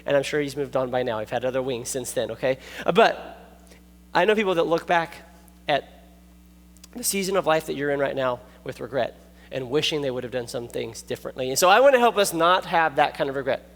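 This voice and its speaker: A man preaching a youth sermon, animated and jokey, telling stories and checking in with the listeners. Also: medium pitch, a little fast. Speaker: youth pastor. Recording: long echoey hall reverb.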